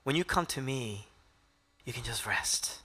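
A man preaching a sermon as pastor, moving from soft hushed lines to loud emphatic peaks. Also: medium pitch, lively intonation, unhurried, breathy edge.

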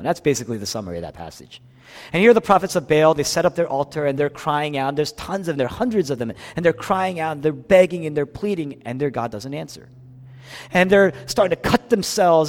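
A male pastor preaching with a lively, animated pitch, rising to loud emphasis and then dropping to near-hushed lines. His voice carries a long reverb, as if recorded in a big church sanctuary. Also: brisk. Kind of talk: sermon.

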